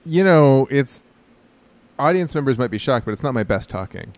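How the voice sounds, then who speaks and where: A man's voice: mid-range voice, sing-song, normal speed, a little mellow. A man co-hosting a podcast, chatting casually in a rambling, hesitant way full of restarts and fillers. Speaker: podcast co-host. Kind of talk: casual chat.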